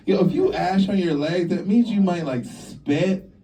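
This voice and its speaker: A young man doing a stand-up routine on a comedy club stage, brash and profane, acting out both sides of his stories with sudden jumps in pitch. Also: normal speed, warm tone, distant mic.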